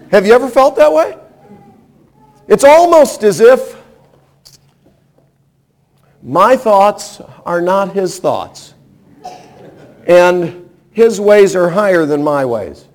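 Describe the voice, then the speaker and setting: A man with a high voice preaches a sermon. He speaks emphatically and keeps putting rhetorical questions to his listeners.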